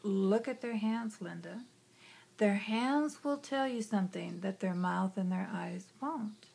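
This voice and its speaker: Woman voicing a hushed slow inner spirit. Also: medium pitch, lively intonation, vocal fry, breathy edge, full character voice.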